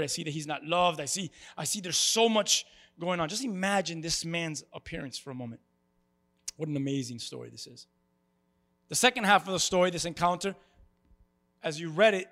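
A male pastor preaching an animated sermon to a congregation and calling for their responses. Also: fairly high pitch, fairly quick, pauses often. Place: church before a congregation.

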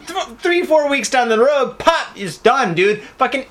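High, bright, rowdy podcast host. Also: male voice, animated, unhurried. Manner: profane, rowdy and joking. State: tipsy from drinking. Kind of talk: casual comedy podcast banter.

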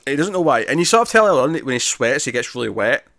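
A man's voice: mid-range voice, big pitch swings, fast talker, creaky, a bit bright, no room sound. Guy on a podcast rambling along, lots of uhs and likes, dry close mic. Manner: rambling, lots of fillers and restarts. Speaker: podcast co-host reviewing comics. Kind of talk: casual chat.

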